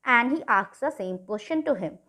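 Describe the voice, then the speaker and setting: A woman's voice: fairly high pitch, lively intonation, normal speed, sharp tone. A woman teacher reads a storybook chapter to her students and explains it with many restarts.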